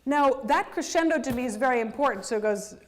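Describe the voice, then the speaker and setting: A woman composer giving a university lecture, explaining musical detail in an animated way and singing rhythms out in nonsense syllables. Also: high voice, fast talker.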